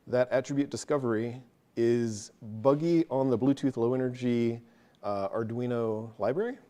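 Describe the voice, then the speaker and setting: At a tech meetup, a man with a mid-range, dark-toned voice casually takes the audience through code one step at a time. It's a live technical walkthrough, sprinkled with self-deprecating asides.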